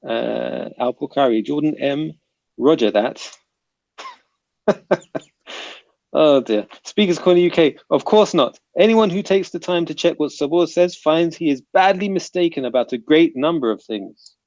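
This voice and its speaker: A man's voice: fairly high pitch, a little slow, vocal fry, darkish tone, no room sound, muffled recording. A man hosting a casual livestream panel, reading chat comments aloud and bantering with the panel.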